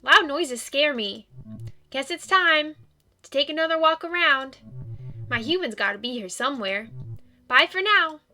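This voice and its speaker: A woman's voice: high-pitched, animated, a little slow, pauses often, bright, forceful tone, faint music behind, voice pushed up, heavily acted. A woman voicing a sweet, eager young male dog ghost in a video game, talking in a bubbly, childlike, apologetic way. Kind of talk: video game character reading.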